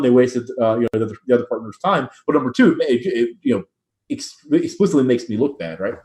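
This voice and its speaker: A middle-aged man co-hosting a business podcast, talking casually and correcting himself often as he works through his points. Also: mid-range voice. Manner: rambling, self-correcting, many restarts. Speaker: podcast co-host.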